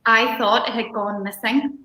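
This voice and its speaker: A woman guest telling stories in a relaxed chat, laughing often. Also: fairly high pitch, unhurried, reverberant, rough recording. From Ireland. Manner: chatty storyteller, laughs often. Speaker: guest musician. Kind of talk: casual chat on a live stream.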